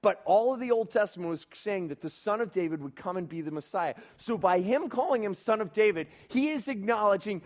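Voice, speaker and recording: A man's voice: sits high, lively intonation, brisk, few pauses. A male preacher giving a casual sermon, retelling scripture in everyday slang.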